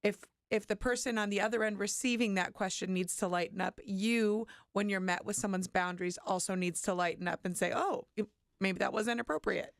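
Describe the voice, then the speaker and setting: A woman's voice: mid-range voice, fairly even intonation, fairly quick, few pauses, smooth, dry recording, clean studio sound. A woman co-hosting a radio talk show, candid and self-reflective about her own habits. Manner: candid, self-reflective, warm-hearted admissions.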